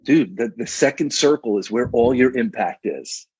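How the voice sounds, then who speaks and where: A man's voice: mid-range voice, animated, normal speed, a little mellow, husky, no echo, lo-fi sound. A man in his thirties, a coach and guest on a casual podcast, talking in a laid-back, slangy way with frequent restarts.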